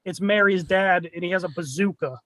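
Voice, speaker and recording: A man's voice: sits high, fairly quick, a crowd in the background. A man co-hosting a podcast, casually retelling a film's plot in a rambling way and acting out its lines. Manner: rambling storyteller, acts out lines with a laugh. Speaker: podcast co-host recapping a movie. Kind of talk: casual chat.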